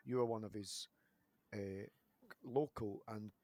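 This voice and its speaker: A man in his thirties hosting a podcast, telling long rambling stories with animated restarts in a casual chat. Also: on the low side, slow pace, dry recording. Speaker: podcast host, wrestler.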